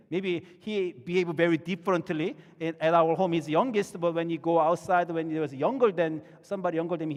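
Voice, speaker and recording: A man's voice: on the high side, a little mellow, long reverb tail. A middle-aged man, a pastor, preaching conversationally and asking the listeners many questions. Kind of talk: sermon.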